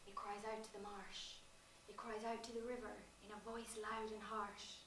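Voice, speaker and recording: A woman with an Irish accent playing a young wife and mother in a stage play, singing a lullaby and asking quick, probing questions. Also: mid-range voice, little pitch movement, fairly bright tone, a little hiss or hum, lightly acted. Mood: lulling. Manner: quick, questioning, sing-song. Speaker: stage actor. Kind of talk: chanted and sung lullaby. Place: theatre stage. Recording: echoey stage from far off.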